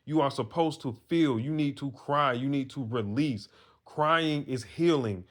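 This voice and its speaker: A man's voice: mid-range voice, unhurried. A man, telling a personal story in a casual monologue, earnest and preachy, with some swearing. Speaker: vlogger giving advice to men.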